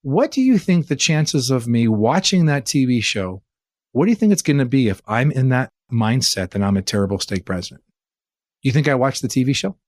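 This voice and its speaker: An earnest man from the Bay Area, California, appears as an interview guest and church leader, telling a story conversationally in an animated way and posing rhetorical questions. His voice is mid-range and fairly quick, recorded dry with no echo.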